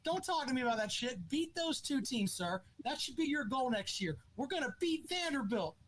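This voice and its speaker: In a heated sports call-in, the podcast host needles an angry caller with the same repeated jab and a mockingly polite "sir." He speaks at normal speed in a very high, very animated voice with a fairly bright tone.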